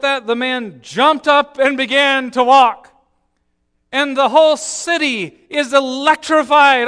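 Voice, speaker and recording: A man preaching a sermon, telling the story with swings from hushed, slow lines to emphatic ones. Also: extremely high pitch, clear, resonant tone.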